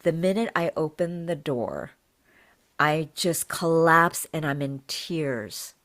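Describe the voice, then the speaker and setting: A woman's voice: deep voice, slow pace. A woman, a healer and podcast guest, earnestly recounting a personal spiritual experience, repeating phrases for emphasis and acting out what was said. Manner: animated, acts out her own and others' words. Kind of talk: emotional personal storytelling.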